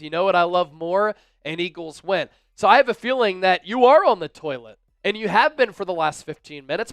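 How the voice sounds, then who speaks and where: A man with a high, fairly bright, clear and resonant voice hosts a live football stream for a fan channel, recorded with no echo. He breaks down the game and hypes up viewer super chats as he reads them aloud, mixing commentary with chat shout-outs.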